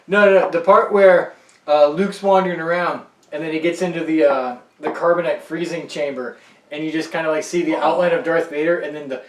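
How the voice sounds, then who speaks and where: A man from Ohio eagerly retells his favorite movie scenes in a casual beer chat, his voice a touch high. He sounds distant in a roomy space. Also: fairly quick. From Ohio, USA. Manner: excitable storyteller, nerdy. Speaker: beer review co-host. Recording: echoey room, mic far off.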